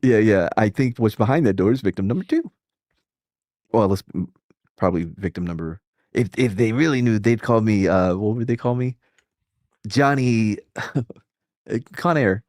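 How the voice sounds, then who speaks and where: Dark-voiced man in rambling casual chat. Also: fairly low pitch, expressive, unhurried, long pauses, dry recording, clean studio sound. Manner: rambling, profane, laughs a lot, restarts. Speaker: streamer host.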